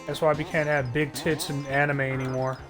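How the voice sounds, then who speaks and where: A man's voice: fairly high pitch, level tone, brisk, music in the background. A man ranting sarcastically on a live stream, swearing often and stumbling through restarts. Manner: profane, heated, sarcastic ranting with frequent filler restarts.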